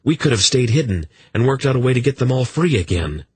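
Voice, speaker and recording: A man's voice: medium pitch, sing-song, quick pace, breathy edge, pitched above the performer's own voice. A man voicing an impulsive young hero who speaks urgently and impatiently. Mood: frustrated.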